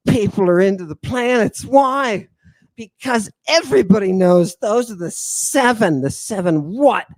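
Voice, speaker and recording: A middle-aged man lectures his online audience in a high, unhurried voice. He is theatrical, sighing often, and swings from booming declarations to muttered asides. The sound is close and dry, with no room around it. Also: lively intonation, no room sound. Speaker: host.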